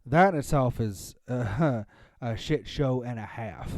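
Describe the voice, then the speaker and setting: Dry, mellow-voiced man chatting casually. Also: medium pitch, animated, takes it slowly, no echo. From Pennsylvania, USA. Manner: rambling, many fillers and restarts. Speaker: podcast co-host. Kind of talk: casual chat.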